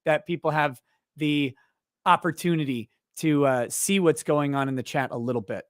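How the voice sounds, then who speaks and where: A man's voice: fairly high pitch, dry recording. Dry, rambling man reading chat. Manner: rambling and joking, with halting restarts; animated when telling stories. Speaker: livestream host reading chat messages. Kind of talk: casual live-stream chat.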